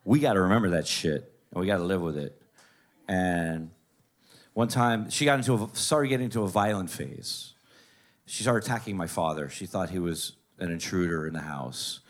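Stand-up man telling a profane family story. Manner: profane, conversational, shifts into high voices to quote his mother. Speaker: stand-up comedian.

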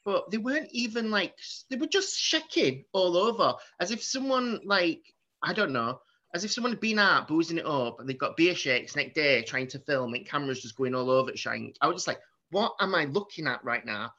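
A man chats through a film review with animated energy and plenty of swearing. His voice is bright and forceful. The recording is a little dull and muffled. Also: a little high, brisk. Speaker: podcast co-host. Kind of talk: casual chat, film review.

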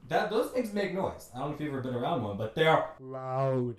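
A man's voice: mid-range voice, big pitch swings, a little fast, reverberant, recorded from a distance. A man giving an exasperated, joking recap of a bad movie, putting on mocking voices as he goes. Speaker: movie reviewer. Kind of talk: comedic movie rant.

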